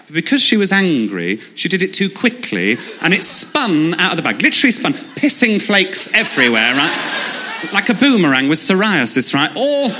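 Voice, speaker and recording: A man, doing a stand-up comedy set in a deadpan storytelling style with sudden high outbursts. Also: a little hiss or hum. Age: 20s. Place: comedy club stage. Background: audience laughter.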